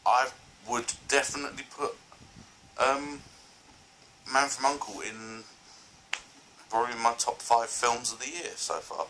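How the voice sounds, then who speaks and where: A man's voice: mid-range voice, fairly even intonation, unhurried, pushed and bright, a little hiss or hum, rough recording. A man reviewing films in a casual vlog, rambling and enthusiastic, full of fillers and restarts. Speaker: film reviewer.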